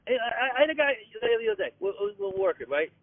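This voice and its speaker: A man in his fifties with a Boston accent, a comedian ranting in a rambling, excitable way and acting out other people's lines. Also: very high-pitched, fast, gravelly. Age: 50s. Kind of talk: comic rant. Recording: tinny dry phone line.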